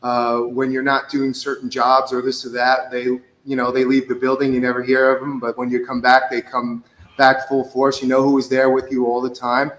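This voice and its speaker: A man's voice: mid-range voice, completely flat delivery, normal speed, a bit bright. A man in casual chat, candid, plain-spoken and reflective. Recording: echoey room.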